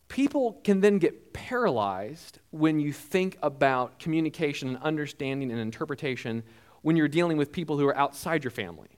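Animated, halting male preacher. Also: mid-range voice, clear, resonant tone. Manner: animated storyteller who acts out quoted lines; halting, with frequent restarts. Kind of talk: sermon with personal story.

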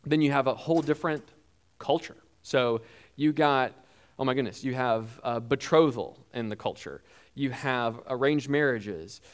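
A man delivers a sermon in a conversational way, stopping and restarting his sentences as he goes. His voice sits in a middle pitch, and he slips into livelier tones when he acts out quoted lines. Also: clear, resonant tone. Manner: animated storyteller who acts out quoted lines; halting, with frequent restarts. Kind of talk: sermon with personal story.

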